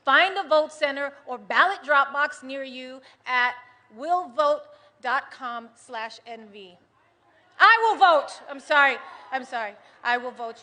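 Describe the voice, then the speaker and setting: A woman from the United States giving an impassioned political rally speech at a large venue, shifting from soft and earnest to shouting to the crowd. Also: high voice. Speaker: rally speaker. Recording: loud crowd noise from a live rally. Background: cheering crowd.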